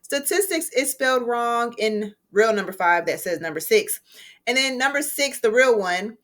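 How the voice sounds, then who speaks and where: A woman English teacher explaining a writing lesson clearly, with deliberate emphasis. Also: on the high side, animated, a bit bright.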